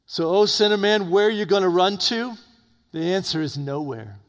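A man preaching an evening sermon, swinging between loud urgent peaks and low hushed warnings. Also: expressive, moderate pace. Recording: long reverb of a hall.

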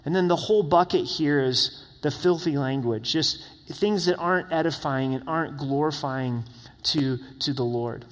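A man's voice: fairly high pitch, normal speed, long reverb tail. A man preaching a sermon as pastor, conversational, with tag questions and voiced quotes. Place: church sanctuary.

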